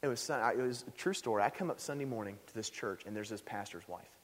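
A man preaching a sermon in a church sanctuary, telling stories in an animated way and rising loud when stirred. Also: fairly low pitch, fast talker. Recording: echoey hall.

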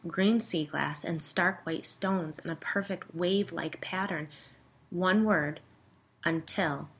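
Low-voiced woman narrating a wry story. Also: husky. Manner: wry and conversational. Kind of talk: first-person story narration.

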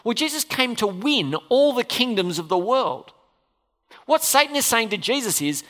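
A bright, animated preacher delivering a sermon with a voice that swings up and down. The sound rings out with the long reverb of a church hall. Questions keep going out to the congregation. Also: mid-range voice, normal speed. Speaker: pastor.

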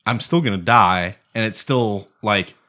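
A man co-hosting a podcast in casual chat, profane and excitable, arguing with emphasis. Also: on the low side, a little slow. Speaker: podcast co-host.

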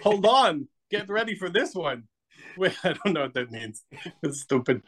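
A man's voice: high-pitched, big pitch swings, normal speed, a bit bright. A man, a guest who hosts horror shows and makes masks, talking on a video call in a playful, rambling, self-mocking way. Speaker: guest, horror host and mask maker. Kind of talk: joking interview banter.

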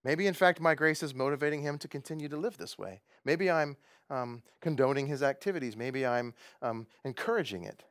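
A man's voice: mid-range voice, fairly quick, fairly bright tone, dry recording, studio quality. A man preaching a conversational sermon who chuckles often and asks his listeners questions. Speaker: pastor.

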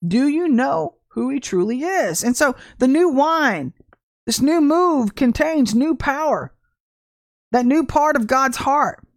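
A middle-aged woman giving an informal testimony sermon on a livestream, animated and storytelling, with laughter and acted-out quotes. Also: sits high, slow, no echo, studio quality. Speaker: livestream minister.

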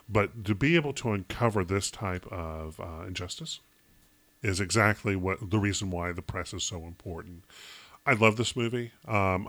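A man from Chicago co-hosting a casual movie review chat, rambling and halting with many fillers. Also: lowish voice, a bit bright, no echo. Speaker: podcast co-host.

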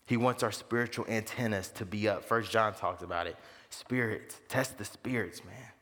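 A man preaching a sermon as pastor, animated and leaping to high excited pitch for emphasis. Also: normal speed. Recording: long reverb of a large hall.

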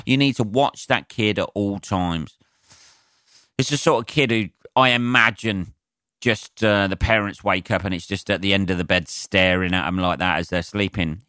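A man's voice: fairly low pitch, measured pace, pushed and bright, dry recording, clean studio sound. A man hosting his own podcast, ranting sarcastically with lots of swearing, rambling asides and fillers. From England. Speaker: comedian podcast host. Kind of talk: solo comedic rant.

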